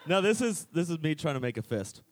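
A man guesting on a live comedy podcast who talks in a hesitant, nervous, halting way. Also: on the high side, sing-song. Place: stage before a live audience.

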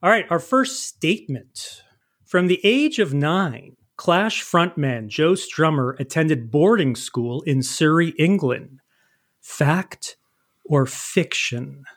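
Male quiz host, high-pitched, playful and animated, hosting a casual comedy podcast. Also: slow pace. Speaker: quizmaster host.

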